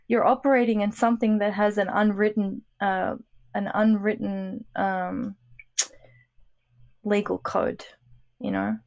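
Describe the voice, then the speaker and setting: A woman co-hosting a casual discussion podcast, talking with a wry, quipping manner. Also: mid-range voice. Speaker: podcast co-host.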